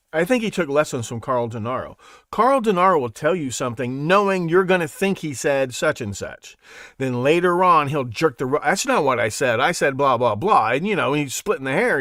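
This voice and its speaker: A man's voice: a little high, expressive, normal speed, a bit bright, dry recording, studio quality. A man hosting his own show, talking in a rambling, sarcastic way and laughing at his own jokes. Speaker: podcast host. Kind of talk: casual monologue.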